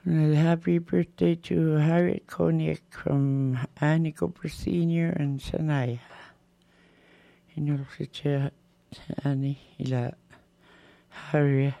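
An announcer reading a lunch menu and birthday wishes as a slow, plain list. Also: mid-range voice, fairly even intonation, vocal fry, dark tone, no echo, lo-fi sound.

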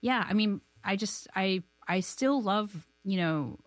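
A woman's voice: mid-range voice, lively intonation, takes it slowly, no echo, soft background music. A woman in her thirties from Canada, a filmmaker guest in an interview, talking casually and laughing often at herself. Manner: chatty and self-deprecating, laughs often.

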